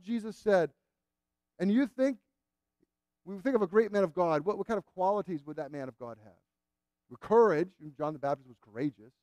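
A man's voice: sits high, darkish tone, no room sound. A man preaching a sermon in an earnest, emphatic way, repeating phrases to drive points home.

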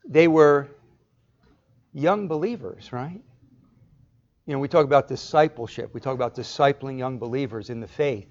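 A man's voice: medium pitch, moderate pace, pauses often, darkish tone, highs cut off. A male pastor delivering an expository sermon, explaining step by step and putting rhetorical questions to the congregation.

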